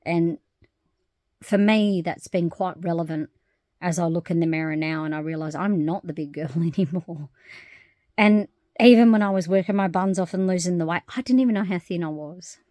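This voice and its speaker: A woman talking openly to camera in a casual vlog, animated and frank, swearing freely and laughing often. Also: fairly low pitch, normal speed, long pauses, dry recording, clean studio sound. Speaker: vlogger. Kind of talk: casual personal monologue.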